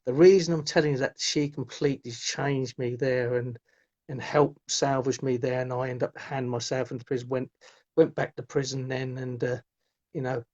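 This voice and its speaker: A man's voice: mid-range voice, level tone, moderate pace, darkish tone. A middle-aged man, telling his life story as a guest in a rambling way, often restarting his sentences. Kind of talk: personal storytelling in conversation. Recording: muffled lo-fi audio.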